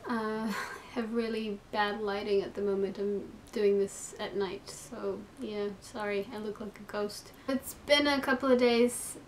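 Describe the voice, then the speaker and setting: A woman's voice: mid-range voice, steady tone, unhurried, few pauses, a little hiss or hum. A woman recording a casual vlog to camera indoors at night, chatty and reflective. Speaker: vlogger.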